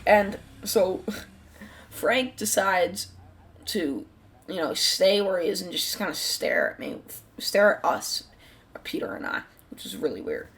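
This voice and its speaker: A woman's voice: mid-range voice, big pitch swings, slow, a bit bright. Rambling casual storyteller woman. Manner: rambling, heavy use of "like" fillers; casual swearing. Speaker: channel host.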